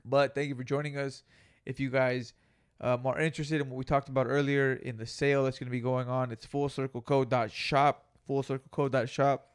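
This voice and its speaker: A man's voice: medium pitch, little pitch movement, fairly quick, clean tone. Laid-back young man swapping stories. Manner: laid-back slangy, heavy swearing. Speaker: podcast co-host. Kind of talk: casual storytelling chat.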